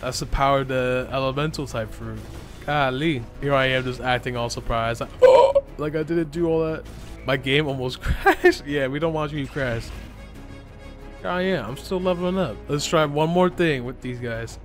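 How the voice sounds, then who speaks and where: A young man giving excitable commentary over his gameplay, laughing and yelping often. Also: medium pitch, moderate pace, faint music behind. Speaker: gaming YouTuber.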